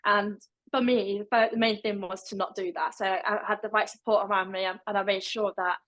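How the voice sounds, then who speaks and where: A woman's voice: mid-range voice, level tone, fairly quick, a bit bright, low-quality recording. A young woman with a deaf accent, speaking as a podcast guest in casual interview talk, with a fairly level delivery and some words pronounced differently.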